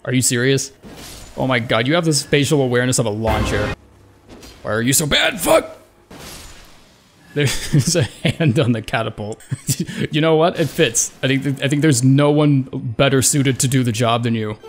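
A man's voice: medium pitch, normal speed, soft background music. A young man giving casual, profane commentary over a game, talking back at enemies with sarcasm and stammered restarts. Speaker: gaming YouTuber.

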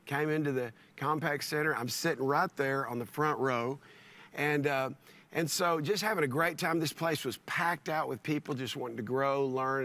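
Middle-aged man, pastor, lively storyteller, bright forceful tone, slightly higher pitch; often restarts lines. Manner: animated, repeats words and restarts often. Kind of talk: storytelling in a conversation.

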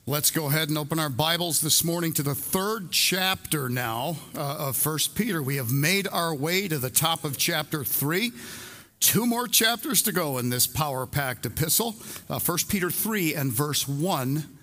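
Male pastor, sermon, bright forceful voice, fairly high, emphatic, conversational, repeats key lines. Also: expressive, normal speed. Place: church service before a congregation.

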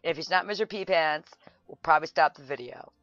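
Woman on a dull dry mic, yelling and laughing at her sims game. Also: sits low, quick pace, no room sound, soft background music. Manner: excitable, shouts at the screen, laughs a lot. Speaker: gameplay video host. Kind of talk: casual gameplay commentary.

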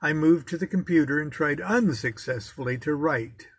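A man's voice: on the high side, normal speed, breathy edge, no echo. A man reading aloud from his own memoir, telling the story in a wry, self-mocking way.

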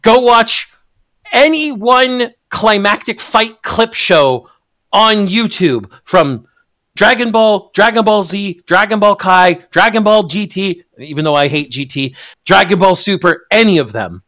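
A man talking in a loose, casual discussion, his pitch swinging widely as he gets worked up. His voice sits a little high for a man. He trips over his words and swears for emphasis. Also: unhurried. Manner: animated, swears freely, stumbles and restarts.

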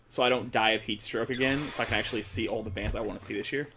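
A man's voice: lowish voice, steady tone, fast talker, bright, forceful tone, slight background noise. A man co-hosting a gaming video, chatting in a laid-back way with many fillers and frequent laughs. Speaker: gaming co-host. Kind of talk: casual let's play chat. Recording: game music behind.

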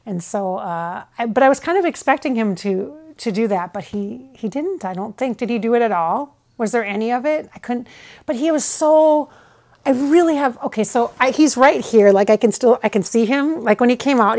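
At home, with her husband behind the camera, an American channeler reflects casually in a fairly high, slightly mellow voice at normal speed. She talks in a rambling, hesitant way and frequently starts her sentences over.

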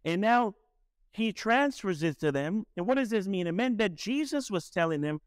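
A man's voice: sits high, animated, moderate pace, clear, resonant tone, dry recording, clean studio sound. A man delivering a sermon as pastor, preaching emphatically and asking the congregation rhetorical questions.

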